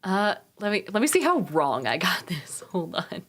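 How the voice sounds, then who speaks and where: A woman's voice: on the low side, very animated, moderate pace, slight background noise. A woman streaming a game, chatting casually with her viewers and swearing freely.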